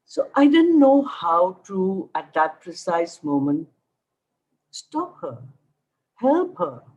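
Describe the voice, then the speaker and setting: A woman's voice: lowish voice, takes it slowly, lo-fi sound. A middle-aged woman with an Indian English accent, giving an emphatic motivational talk as a cancer survivor and acting out the dialogue of her story. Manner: animated, acts out dialogue, emphatic. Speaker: cancer survivor guest speaker.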